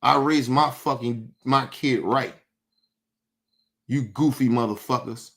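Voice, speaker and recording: A man's voice: medium pitch, slow pace, a bit bright. A man hosting a livestream, talking bluntly and profanely to his chat in a casual rant, repeating and restarting words as he gets heated. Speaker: livestream host.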